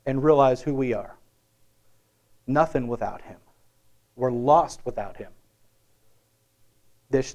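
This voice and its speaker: A man preaching a sermon, swinging from loud dramatic bursts to hushed asides and asking his listeners questions. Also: fairly high pitch. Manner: asks the listeners questions often. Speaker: pastor.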